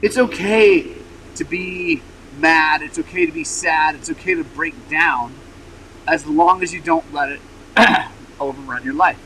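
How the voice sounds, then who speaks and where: A man hosting a motorcycle channel in casual rambling vlog chat, frank and frustrated, with lots of fillers and throat clearing, recovering from an injury. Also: a little high, unhurried, sharp tone, a little hiss or hum, rough recording. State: recovering from injury, wearing a brace.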